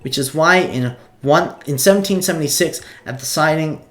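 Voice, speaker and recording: A fussy little dog professor lectures his class in a raised, yappy voice, as a man puts him on. He sounds eager and excitable, pitched well above an ordinary man's talk and pushed loud, like a cartoon game character. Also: normal speed, lightly acted. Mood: eager lecturing.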